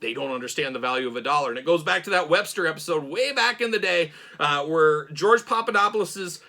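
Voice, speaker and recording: Excitable fast-talking middle-aged man. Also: on the high side. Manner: animated, excitable, talks fast and gets worked up. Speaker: show host. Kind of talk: casual chat.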